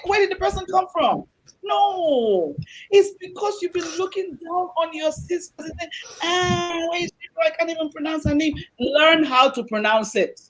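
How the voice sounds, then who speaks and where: A woman hosting a talk show, speaking in an animated, exhortative way to her audience. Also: high voice, low-quality recording. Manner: animated and exhortative, acting out quoted voices. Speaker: host.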